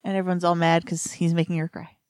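Lower-voiced woman podcaster, dry sound. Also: monotone, a little mellow, dry recording. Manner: laughs often, quick interjections. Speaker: podcast co-host. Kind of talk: casual chat about a TV episode.

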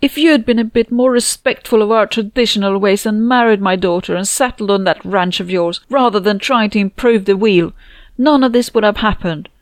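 A woman's voice: medium pitch, brisk, no echo, pitched above the performer's own voice, close to an everyday voice. A woman reading a bitter mother in an audiobook, who speaks in a harsh, accusing way. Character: bitter, scolding mother lashing out.

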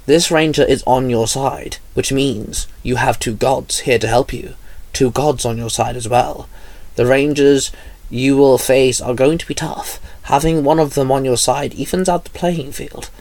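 A man voicing a seasoned male ranger who calmly explains a plan to an ally in a storybook reading. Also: mid-range voice, measured pace, no room sound, close to an everyday voice. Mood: explaining.

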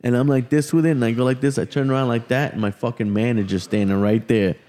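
A man's voice: medium pitch, steady tone, fast, mellow. Profane man telling a story in an echoing space. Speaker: podcast host. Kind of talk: casual storytelling. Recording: long hall reverb.

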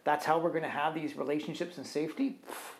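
A man's voice: a little high, fast. A man co-hosting a podcast, telling a long work story in a casual, rambling way and often tagging his sentences with "right?". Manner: animated, acts out other people's quotes; rambling with fillers like "right?" and "kind of thing". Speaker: podcast co-host.

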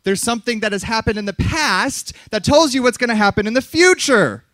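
A man preaching a fiery sermon at a youth conference, yelling hard and then dropping to soft, close asides. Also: very high voice, expressive, a little fast, no echo.

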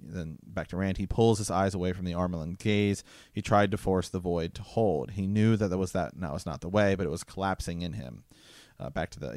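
A man with a very low voice talks casually about a book and reads passages from it aloud. He stops often with fillers and asides between lines. The sound is dry and close. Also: brisk, a little mellow, no echo. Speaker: book podcast co-host.

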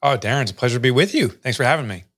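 A middle-aged man from the United States, a business author speaking as a podcast guest, telling his story in a lively way and acting out the voices of people he quotes. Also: medium pitch, very fast. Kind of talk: conversational storytelling.

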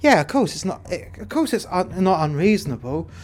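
A man's voice: sits high, big pitch swings, fairly quick. Foul-mouthed man rambling in role-play. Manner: crude, heavily profane, rambling storyteller. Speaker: player in prison role-play. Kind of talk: casual role-play chat.

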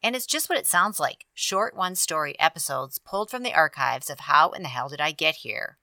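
A woman hosting a podcast, telling a story in a casual, animated way. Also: sits low, a little fast, creaky, dry recording. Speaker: podcast host.

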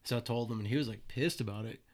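A man in his twenties tells stories in a relaxed, conversational way. He swears freely and often laughs at what he is describing. His voice sits at an ordinary middle pitch. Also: fast. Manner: loose and profane, laughs at his own stories. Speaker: guest. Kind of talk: casual storytelling.

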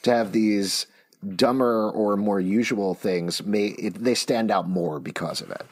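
Husky, slightly low male podcast host, chatty and conversational. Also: unhurried. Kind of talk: casual podcast discussion.

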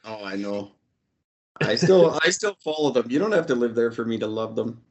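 A man's voice: mid-range voice, expressive, normal speed, a little mellow, lo-fi sound. Wry man chatting over a video call. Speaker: podcast co-host.

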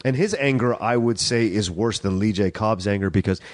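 A man co-hosting a film podcast, talking with a slightly low voice in an emphatic, casual way. The sound is close and dry, with no room echo. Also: fairly quick. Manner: emphatic, agreeable, with frequent affirmations. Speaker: podcast co-host.

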